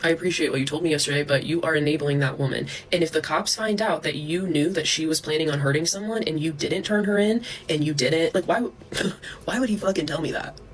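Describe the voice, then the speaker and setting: A woman's voice: low voice, fast talker, a little hiss or hum, rough recording. A woman vlogger delivering a heated, profane rant to camera, breaking into scornful laughs. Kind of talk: ranting monologue to camera.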